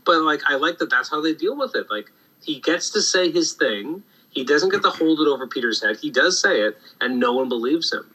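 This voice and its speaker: A man hosting a casual podcast chat about comic books, animated and full of restarts. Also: on the high side, brisk, breathy edge, low-quality recording. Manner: animated, acts out quoted lines, many restarts. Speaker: podcast host. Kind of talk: casual comic book discussion.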